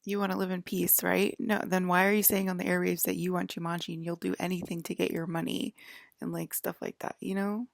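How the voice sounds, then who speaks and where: A woman's voice: lowish voice, flat delivery, a little fast, creaky, no echo, clean studio sound. A woman in a rambling personal monologue, leaning heavily on "like" as she talks. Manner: rambling, heavy use of "like". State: close to tears.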